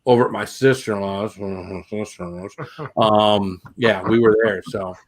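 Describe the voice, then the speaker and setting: A man's voice: on the low side, steady tone, measured pace. A middle-aged man from the northern US, chatting casually as host and repeating himself as he searches for words. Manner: rambling, repeats words while searching for them. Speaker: channel host. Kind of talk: casual chat.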